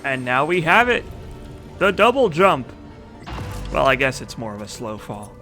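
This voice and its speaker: A man's voice: medium pitch, very animated, measured pace, pushed and bright, soft background music. A man streaming a video game, chatting casually and reading in-game notes aloud. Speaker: let's play streamer. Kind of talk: casual gameplay commentary.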